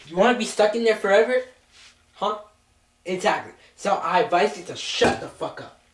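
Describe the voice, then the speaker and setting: A man's voice: sits high, expressive, normal speed, a little hiss or hum. Profane, taunting male vlogger. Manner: profane, mock-threatening, repeats taunts. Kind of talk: comedic scolding skit.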